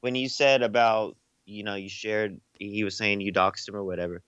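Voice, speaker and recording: A man's voice: on the low side, fairly even intonation, moderate pace, fairly bright tone, clean tone, no echo, dull audio. A man co-hosting a casual talk show, pushing his point and often asking "you know what I'm saying". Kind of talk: casual chat.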